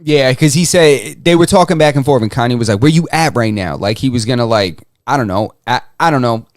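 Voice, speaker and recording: A man's voice: medium pitch, a little fast, no echo, studio quality. A man co-hosting a podcast, trading jokes and trash talk in casual banter. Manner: joking, animated, trash-talking. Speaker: podcast co-host.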